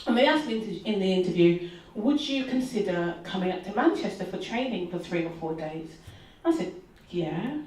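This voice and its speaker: A woman's voice: fairly low pitch, expressive, normal speed, darkish tone. A woman telling a personal story at a live event, chatty and confiding, speaking straight to the audience. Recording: echoey hall from far off.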